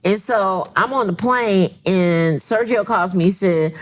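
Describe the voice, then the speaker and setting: An older woman, a grandmother, telling animated stories as a podcast guest and acting out quoted lines. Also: lowish voice, normal speed, few pauses. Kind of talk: casual storytelling. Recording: studio podcast with laughing audience.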